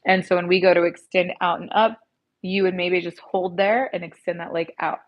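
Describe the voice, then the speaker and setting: A woman yoga instructor calmly guiding a class through stretches, speaking into an earpiece mic. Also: on the low side, moderate pace, highs cut off. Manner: gentle, calm cueing with soft encouragement.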